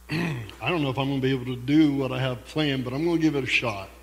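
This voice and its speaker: A man preaching a sermon as pastor in a church sanctuary, earnest and heartfelt, with slow emphatic pauses. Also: mid-range voice, gravelly. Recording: long echoey hall.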